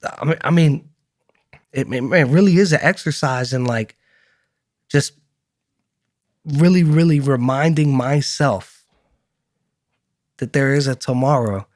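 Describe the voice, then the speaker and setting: A man co-hosting a podcast, telling stories in casual chat, easygoing and quick to laugh. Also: medium pitch, darkish tone, no echo. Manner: storytelling, easygoing, laughs often. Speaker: podcast co-host.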